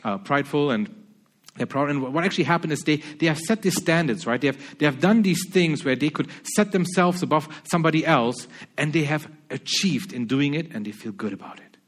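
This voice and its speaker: A man's voice: a little high, animated, fairly quick. A man preaching a sermon, earnest, stammering restarts and repeating his key phrases.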